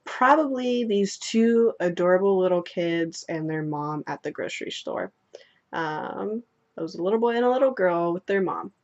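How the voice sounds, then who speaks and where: Lower-voiced young woman, lo-fi sound. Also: moderate pace. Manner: playful, swearing, animated storytelling. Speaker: vlogger answering follower questions. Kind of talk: casual chat to camera. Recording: dull lo-fi sound.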